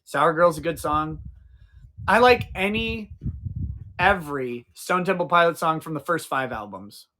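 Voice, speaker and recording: A man's voice: a little high, lively intonation, a little slow, sharp tone. A man in his forties hosting a casual livestream outdoors, rambling, swearing freely and answering his chat. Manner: profane, rambling, talks to chat. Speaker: livestream host.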